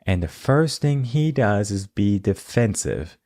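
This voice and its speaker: A man with a deep, mellow voice hosts a coaching show, explaining ideas in a relaxed, conversational way and often adding "right?" to check in. The recording is dry and close, with no room sound. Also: unhurried, dry recording. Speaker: coach and podcast host. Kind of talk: casual coaching talk.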